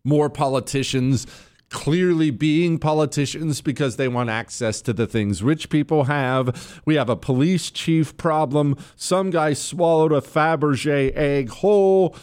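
A man's voice: a little high, a little slow, darkish tone, smooth. A middle-aged man hosting a talk radio show, delivering an opinionated monologue with emphatic swings while fighting the hiccups. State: has the hiccups.

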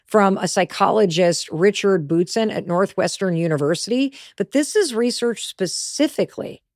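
A woman's voice: medium pitch, animated, normal speed, a little mellow, no room sound, studio quality. A middle-aged woman hosting a motivational podcast, talking in a candid, emphatic, conversational way. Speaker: podcast host.

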